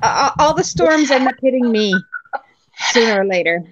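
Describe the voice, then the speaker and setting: A woman's voice: on the high side, lively intonation, moderate pace, dull audio. A woman from Newfoundland with a faint Newfoundland accent, telling stories in a casual group chat and laughing often. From Newfoundland, Canada. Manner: chatty storyteller, laughs often.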